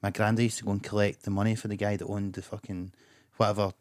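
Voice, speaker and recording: Fast, low-voiced Glaswegian man. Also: little pitch movement. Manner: sweary, quick, chatty. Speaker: podcast host. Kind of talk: casual podcast chat.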